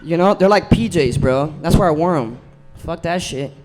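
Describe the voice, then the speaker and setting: High-voiced man, rambling and profane. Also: animated, moderate pace, a little mellow, faint music behind. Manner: rambling, heavy swearing, says "bro" a lot. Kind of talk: casual comedic banter.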